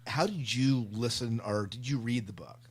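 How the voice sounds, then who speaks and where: A man's voice: mid-range voice, normal speed, darkish tone, husky. A man hosting a casual book podcast, teasing his co-hosts and leading the questions. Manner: joking, teasing, leads the questions. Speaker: podcast host. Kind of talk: casual chat.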